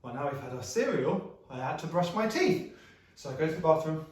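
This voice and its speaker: A man's voice: fairly high pitch, sing-song, fairly quick, darkish tone, distant mic. A man leading children through a playful action story with sound effects and coaxing prompts, as a music practitioner in a live online session. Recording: very echoey room, voice set back from the mic.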